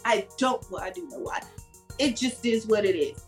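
A woman co-hosting a wine podcast in casual chat, talking loosely with frequent laughs and a drawn-out sign-off. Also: a little high, soft background music, poor audio. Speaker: podcast co-host.

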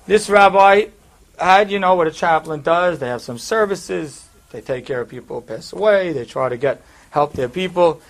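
A man's voice: a little high, lively intonation, normal speed. A male preacher telling a story in a sermon, conversational, with fillers and asides.

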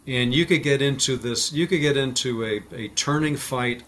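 Man telling animated pilot stories. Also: medium pitch, moderate pace. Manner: animated, acts out quoted dialogue. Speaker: guest, former fighter pilot. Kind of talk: casual storytelling interview.

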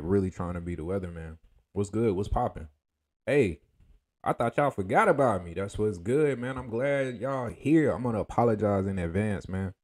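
A man hosting a casual livestream, talking in a laid-back, slangy way and greeting viewers by name with shout-outs. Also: on the low side. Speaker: livestream host.

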